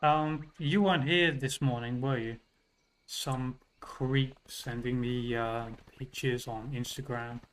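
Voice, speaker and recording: A man's voice: medium pitch, fairly even intonation, slow, a little hiss or hum, poor audio. A man with a British accent, chatting casually and joking with his viewers while streaming a game. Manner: rambling, joking with chat. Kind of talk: casual live-stream chat.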